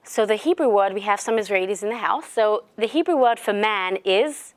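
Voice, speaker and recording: A woman's voice: medium pitch, moderate pace. A woman giving a religious lecture in a conversational style, telling stories with fillers and restarts. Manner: conversational, animated storyteller. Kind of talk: lecture with storytelling.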